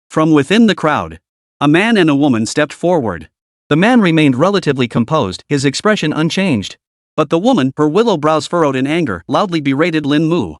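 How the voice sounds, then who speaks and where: A man reading a comic story aloud as the narrator, in a steady scripted delivery. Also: on the high side, a little fast, no echo, studio quality.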